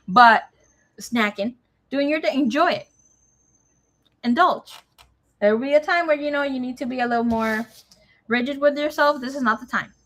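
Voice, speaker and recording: A young woman giving a casual tarot reading, chatty and swearing freely, with Spanish phrases dropped into her talk. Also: fairly high pitch. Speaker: tarot reader.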